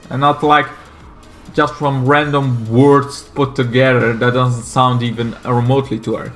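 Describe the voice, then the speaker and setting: A man from Belgium with a Flemish Dutch accent and Flemish Dutch as his first language. He gives casual, rambling commentary on comics, swearing freely and stumbling over fillers. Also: medium pitch. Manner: profane, excitable, halting with many fillers.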